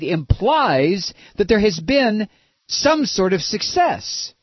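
A sarcastic American man hosts a political talk radio show, his voice slightly raised and lively in pitch. He mocks and rants, jumping from shouts to muttered asides. The sound is dry and dull, like a lo-fi broadcast. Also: unhurried, husky, no room sound. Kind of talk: opinionated talk radio monologue.

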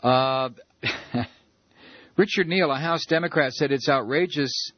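A man's voice: mid-range voice, moderate pace, breathy edge, no echo, dull audio. A man hosting a talk radio show, ranting sarcastically and rambling with many fillers. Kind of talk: opinionated talk radio monologue.

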